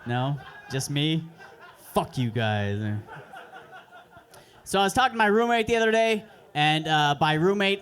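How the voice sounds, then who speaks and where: A young man with a fairly high voice works through a stand-up set at an open mic. His delivery is crude, deadpan and self-mocking, and he speaks into a handheld stage mic. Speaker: stand-up comedian. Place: comedy club stage.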